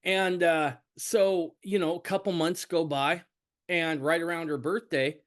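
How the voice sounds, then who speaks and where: A middle-aged man hosting a podcast, telling a family story in casual conversation, repeating words and rambling. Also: unhurried. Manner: rambling, repeats words, animated swings in pitch. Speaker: podcast host.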